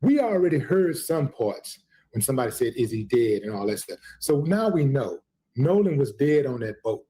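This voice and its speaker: A man's voice: medium pitch, sing-song, moderate pace, mellow. A man hosting a live stream commentary, emphatic and addressing his viewers as family. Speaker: host.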